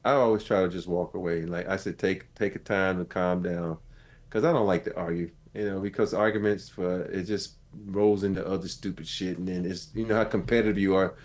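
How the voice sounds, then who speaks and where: A man in his fifties co-hosting a podcast, chatting casually and telling animated stories that act out both sides of an argument. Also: fairly quick. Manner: animated storyteller, acts out his own and his wife's yelling in a high voice. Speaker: podcast co-host. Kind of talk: casual chat.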